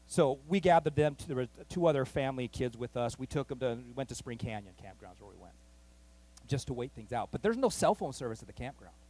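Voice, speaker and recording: A man pastor telling a story in a sermon, animated and acting out the voices of the people in it. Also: mid-range voice, fast. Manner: animated, acts out quoted voices, rising excitement. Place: church.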